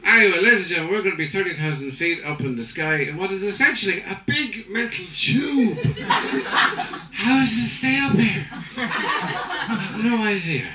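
A drunk, cheerful airline pilot rambles over the plane intercom, boozy and overfamiliar, as a stand-up comic puts him on. His voice sits high and swings up and down a lot. The sound is echoey and distant, with loud noise behind. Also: expressive, moderate pace, a crowd in the background.

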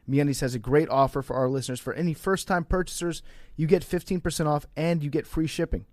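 A man's voice: on the high side, fairly even intonation, fast talker, darkish tone, dry recording. A podcast co-host reads sponsor spots in a dry, close recording with no room sound. He breaks the script with crude, joking asides. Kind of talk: ad read.

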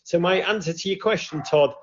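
A man hosting a lively football chat show with callers, joking and swinging from loud to hushed. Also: high voice, brisk, a little hiss or hum. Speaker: host. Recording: dull lo-fi sound.

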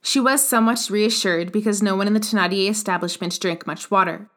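Woman reading a classic novel aloud. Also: mid-range voice. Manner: measured, steady reading. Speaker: audiobook narrator. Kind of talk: scripted narration of a classic novel.

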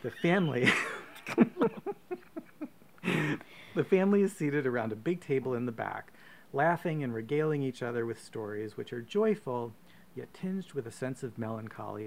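Podcast host, man, gravelly fry, mid pitch, playful storytelling. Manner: playful, self-mocking, laughs often. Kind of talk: comic storytelling.

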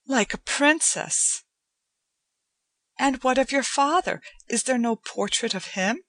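A woman's voice: high-pitched, slow pace, a bit bright, dry recording, pitched above the performer's own voice, heavily acted. A woman doing an eager young bride. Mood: delighted. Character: young, lively, affectionate woman, the narrator's bride.

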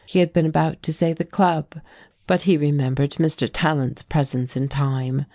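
A woman narrating a classic novel as an audiobook, in a measured, unhurried reading manner. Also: low-pitched, fairly even intonation, dark tone, dry recording, clean studio sound.

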